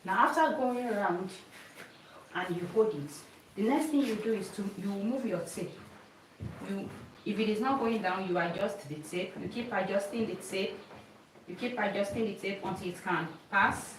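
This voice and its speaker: A woman's voice: medium pitch, normal speed, slight background noise. A woman teaching a sewing class by demonstrating on a mannequin, who talks patiently, repeats each step and keeps asking if you saw it. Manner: patient, repeats steps, asks "did you see it?". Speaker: sewing instructor. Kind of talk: hands-on demonstration lesson. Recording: echoey room, voice from a distance.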